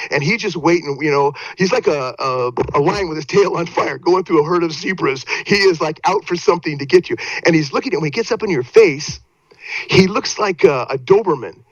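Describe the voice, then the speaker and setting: An older man with a slightly raised voice spins animated anecdotes, painting vivid pictures and piling up restarts as he goes. The sound is dry and a little muffled. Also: fairly high pitch, dry recording. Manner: lively, vivid, trips over restarts. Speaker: guest actor. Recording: dry, slightly dull audio.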